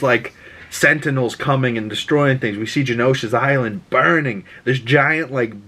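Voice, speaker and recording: A man recapping a TV episode in an excitable, rambling way, full of fillers and swearing. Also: mid-range voice. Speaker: pop culture podcast host.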